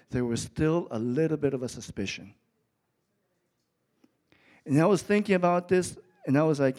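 A man's voice: fairly high pitch, expressive, moderate pace, long pauses, warm tone. Male pastor, middle-aged, sermon delivery, storytelling with emphatic climbs. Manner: storytelling, rising to emphatic peaks. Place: church with an audience.

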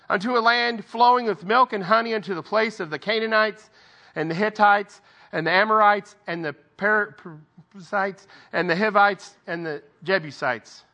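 Guy doing a laid back bible talk, bright voice, reads verses then chats about them. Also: high voice, muffled recording. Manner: conversational, reads scripture aloud with asides. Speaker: lay preacher. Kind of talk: informal Bible devotional.

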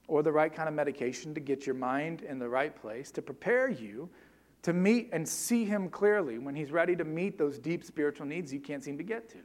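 A middle-aged male pastor preaching an earnest sermon, swinging between loud emphasis and hushed, low passages.

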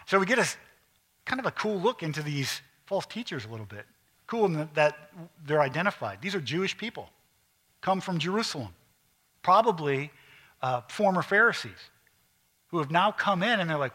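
A middle-aged male pastor preaching a sermon, emphatic at times and dropping to quiet, intense asides. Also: fairly high pitch, expressive, normal speed.

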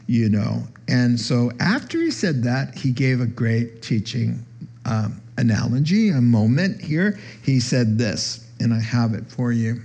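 A man's voice: sing-song, measured pace, darkish tone. A man preaching a sermon in a conversational way, acting out the voices of the people he quotes. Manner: conversational, acts out quoted voices with rising pitch. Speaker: pastor. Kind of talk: sermon teaching.

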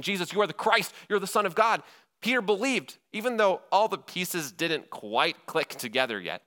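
A man, a pastor, preaching a sermon, telling the story with energy and acting out the quoted lines. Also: medium pitch. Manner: animated storytelling, acts out quoted lines with laughs.

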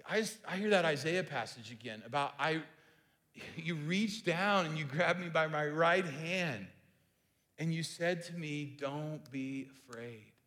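A man's voice: a little high, a little slow, pushed and bright, in a large hall. A man preaching a conversational sermon who often repeats himself and restarts phrases. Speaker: pastor.

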